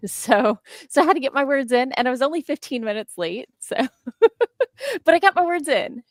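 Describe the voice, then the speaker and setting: A woman hosting a casual writing stream chat, upbeat and quick to laugh. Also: sits high, big pitch swings, no echo, clean studio sound. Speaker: stream host.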